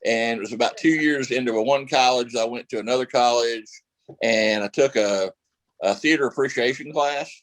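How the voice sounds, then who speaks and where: A man recounts his past in a relaxed interview, rambling and circling back with fillers. His voice sits at an ordinary pitch. The sound is dry and close. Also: moderate pace, dry recording, low-quality recording. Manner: rambling, many fillers and restarts. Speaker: actor guest. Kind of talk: casual interview storytelling.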